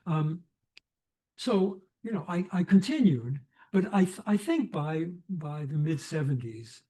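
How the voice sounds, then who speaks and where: An older man, a photographer, telling anecdotes on a lecture stage in a reflective, animated way with restarts. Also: a little high, unhurried, breathy edge. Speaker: photographer guest. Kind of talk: conversational storytelling.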